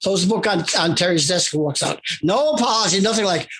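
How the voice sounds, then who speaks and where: An older man with a husky, slightly raised voice tells stories from his career. He talks in an animated, rambling way and often restarts his sentences. He is a guest being interviewed about his work. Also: high-pitched, fairly quick, few pauses. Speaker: interview guest, comic writer. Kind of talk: anecdotal storytelling in conversation.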